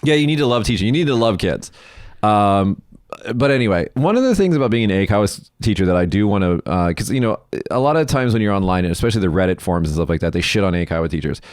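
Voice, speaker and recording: A man co-hosting a podcast, telling stories in a casual, animated and profane way. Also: on the low side, fast, no echo, studio quality. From United States. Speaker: podcast co-host.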